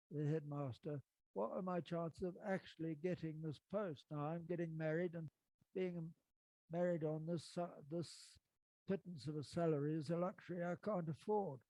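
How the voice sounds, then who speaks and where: A man, reading poems and telling an anecdote with lively, acted-out dialogue. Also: on the high side, no echo, rough recording. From England. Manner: dramatic, animated storytelling with acted dialogue. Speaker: storyteller and poet.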